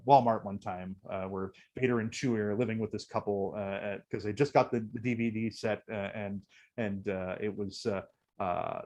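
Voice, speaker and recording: A man speaking as an interview guest in a relaxed, storytelling way. He circles back often with fillers and restarts. He gets choked up as he talks. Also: fairly low pitch, low-quality recording. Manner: emotional, many fillers and restarts. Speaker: guest, costume performer.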